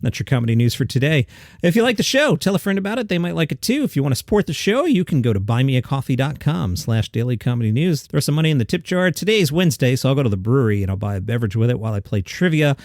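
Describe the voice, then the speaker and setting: A man hosting a daily comedy news show, reading the items in a scripted way with deadpan asides. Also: medium pitch, very fast, no echo, studio quality.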